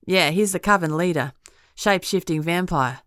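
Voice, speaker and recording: A woman's voice: lowish voice, normal speed, a bit bright, clear, resonant tone, dry recording, studio quality, natural voice. A woman voicing a brash, casual young witch fighter with an Australian accent in an audiobook. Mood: breezy. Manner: breezy, offhand and teasing. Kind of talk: audiobook character voice.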